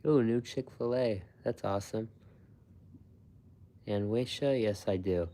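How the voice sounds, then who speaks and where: A man chats loosely with his viewers, his voice sitting low and deep. He rambles, swears freely and breaks into laughter often, his talk full of "like" and restarts. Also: a little slow, mellow. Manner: rambling and profane, laughs often, many fillers. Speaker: food channel host. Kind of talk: casual live-stream chat with viewers.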